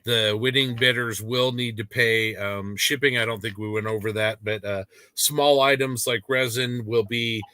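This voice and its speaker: A man's voice: mid-range voice, normal speed, smooth, no room sound. A man hosting a casual model-building livestream, chatting loosely with lots of fillers. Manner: relaxed, filler-heavy announcements. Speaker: livestream host.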